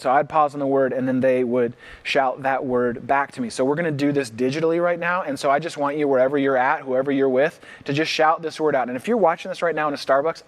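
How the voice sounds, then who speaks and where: With a mid-range voice, a male pastor preaches a sermon livestreamed from a church that has no congregation present. He acts out worried reactions and slowly repeats key lines for emphasis.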